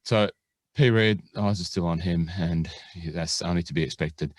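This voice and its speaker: A man's voice: low-pitched, moderate pace, dry recording. An Australian man hosting a podcast, chatting in a jokey, rambling way full of fillers. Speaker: podcast host. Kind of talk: casual podcast chat.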